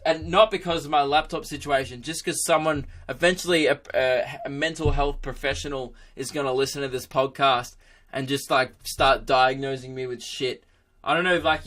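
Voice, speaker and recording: A man's voice: medium pitch, fairly bright tone. A young Australian man hosting his own podcast, rambling through a sweary, self-mocking comic monologue. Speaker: comedian podcast host. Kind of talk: comedic monologue.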